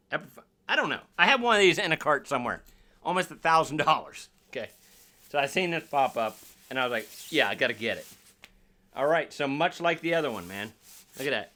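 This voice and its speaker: A man's voice: on the high side, pushed and bright. A man reviewing a guitar in a casual unboxing vlog, rambling and joking at his own expense. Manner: rambling, self-deprecating, jokey.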